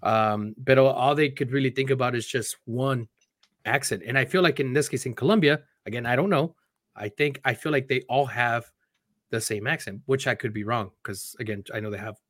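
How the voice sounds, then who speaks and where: A man's voice: mid-range voice, fairly quick, a bit bright, dry recording, studio quality. A man co-hosting a casual chat, rambling and swearing, slipping Spanish phrases into his English. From Chicago area. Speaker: podcast co-host.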